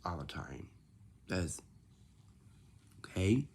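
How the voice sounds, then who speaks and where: A man's voice: low voice, very animated, very slow, a little mellow, breathy edge. A man chatting casually and rambling, repeating himself and often restarting his sentences.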